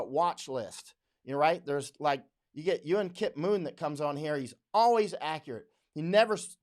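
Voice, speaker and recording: A man hosting a live stream, talking bluntly and combatively, repeating points as he goes. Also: high-pitched. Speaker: livestream host, war correspondent.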